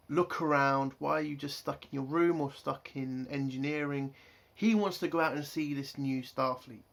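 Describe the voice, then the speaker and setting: A reviewer vents about a show in an angry, profane rant. The voice sits at a middling pitch, and the exasperation keeps building as the swearing piles up. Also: fairly bright tone. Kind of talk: ranting vlog review.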